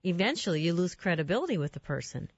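A woman with a fairly low voice hosts the conversation, engaged and ready to laugh as she follows up on her guest. The recording is dry and slightly muffled. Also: big pitch swings, fast, breathy edge, dry recording. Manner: engaged, laughs readily, asks follow-up questions. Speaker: host. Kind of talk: interview conversation.

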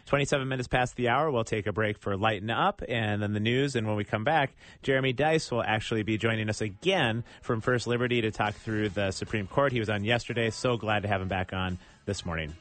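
A man's voice: lowish voice, a little fast, few pauses, fairly bright tone. A man hosting a morning radio show, chatty and friendly, announcing segments and bantering with a guest.

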